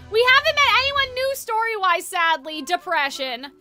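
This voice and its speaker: Bright, chatty woman streamer. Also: very high voice, sing-song, normal speed, few pauses. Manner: chatty, giggly, full of "like". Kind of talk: casual game commentary. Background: game music.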